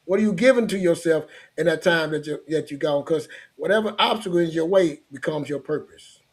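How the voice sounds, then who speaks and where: A man's voice: a little high, a little fast. A middle-aged man talking in a casual chat, earnest and rambling, often repeating himself.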